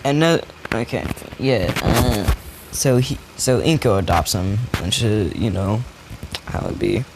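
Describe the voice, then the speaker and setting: Young man, casual storyteller, slangy and halting, noisy mic. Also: fairly low pitch, very animated. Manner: loose, slangy, halting with fillers and restarts.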